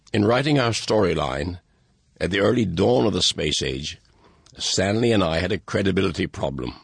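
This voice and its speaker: A man, the author, reading a measured introduction to his book with a dry, wry manner. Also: low-pitched, gravelly, breathy edge, dry recording. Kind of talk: recorded introduction, read aloud.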